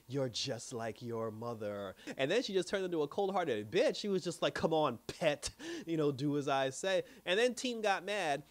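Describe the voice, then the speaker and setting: A man casually recapping a TV episode in an animated way, laughing often and acting out the characters' lines. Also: high-pitched. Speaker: TV episode reviewer.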